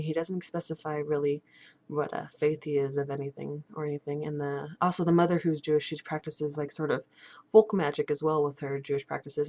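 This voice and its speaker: A young woman talks in a loose, rambling way, stopping and restarting often with plenty of fillers. Her voice sits low for a woman. She is speaking casually into her camera at home. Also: darkish tone. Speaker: steampunk vlogger.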